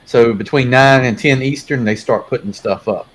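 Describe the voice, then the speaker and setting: A married man co-hosting a casual chat over a video call, relaxed and matter-of-fact. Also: medium pitch, normal speed, poor audio. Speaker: podcast co-host.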